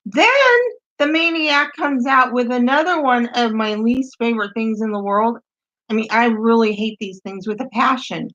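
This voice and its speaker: Deadpan woman reading messages aloud, lo-fi. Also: fairly high pitch, normal speed. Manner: deadpan, wry, laughs at the messages. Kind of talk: comedic reading of dating-site messages. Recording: dull lo-fi sound.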